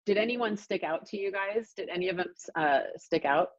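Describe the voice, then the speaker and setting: A woman's voice: medium pitch, normal speed, dry recording, muffled recording. A woman real estate coach leading a group coaching call, speaking emphatically and repeating points for stress, over a video call.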